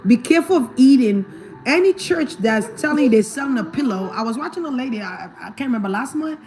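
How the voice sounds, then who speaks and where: A woman from Africa with a high voice speaks casually to her livestream audience. She hammers her points home through repetition, checks that listeners follow, and breaks into laughter often. Faint music plays behind her. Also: expressive, quick pace, darkish tone. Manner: emphatic, repeats points, asks if the listener understands; laughs often while talking. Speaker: livestreamer and spiritual reader.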